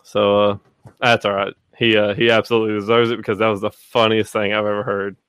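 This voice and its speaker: A man's voice: fairly low pitch, little pitch movement, fast talker, a bit bright, smooth, dry recording, studio quality. A man hosting a casual podcast chat, rambling with lots of fillers and swearing. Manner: rambling, profane, full of fillers. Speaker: podcast host.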